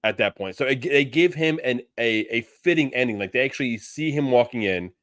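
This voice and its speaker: Casual podcast co-host, male, mid-pitched, rambling delivery, dry mic. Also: animated, fairly quick, fairly bright tone, dry recording. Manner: rambling, many restarts and fillers. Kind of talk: casual fan discussion.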